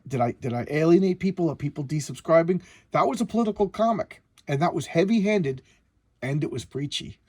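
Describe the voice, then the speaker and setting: A man with a hoarse voice reviewing comic books in casual, rambling commentary, stumbling over restarts. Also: a little high, lively intonation, brisk, a little mellow, no echo.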